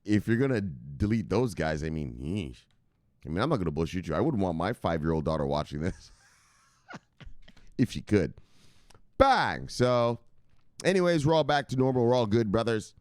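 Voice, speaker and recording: A man's voice: on the low side, lively intonation, normal speed, a little mellow, no room sound, studio quality. A man hosting a casual vlog, talking loosely with lots of swearing and laughter at home. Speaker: host.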